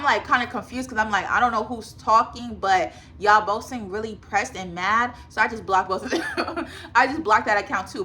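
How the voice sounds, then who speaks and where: Chatty young woman with a bright voice. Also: medium pitch. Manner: chatty, emphatic, talks straight to viewers. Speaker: vlogger. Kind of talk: casual storytime.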